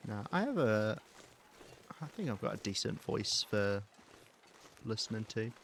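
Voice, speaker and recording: Calm British man streaming a game. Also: on the low side, unhurried, creaky, slight background noise. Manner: calm, soft-spoken, chatty with viewers. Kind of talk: casual live-stream chat while playing.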